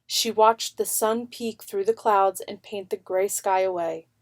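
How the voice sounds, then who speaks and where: A woman narrating a children's picture book in an unhurried, expressive way. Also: medium pitch.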